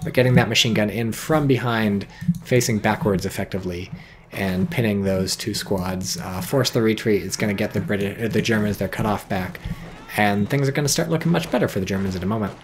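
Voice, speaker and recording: A man giving casual, profane, excitable commentary on a strategy game match, with wry asides. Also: on the low side, a little fast, a little hiss or hum. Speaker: game caster.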